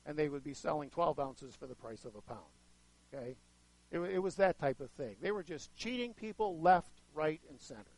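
A man preaching a sermon to a live audience, chatting with them and asking questions, with sudden swings in loudness as he acts out voices. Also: high-pitched, no echo, low-quality recording. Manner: conversational, asks the audience questions; dramatic shifts in loudness, acts out quoted voices.

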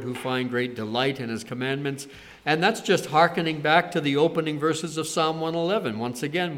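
A man giving a conversational sermon, retelling scripture stories with animated quoted lines. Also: medium pitch. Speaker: preacher.

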